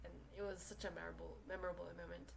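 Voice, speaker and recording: A young woman from South Korea races along in a gravelly, lowish voice with little pitch movement, on a low-quality recording. English is her second language, and she hosts a casual solo podcast from her small room, rambling with many fillers and restarts.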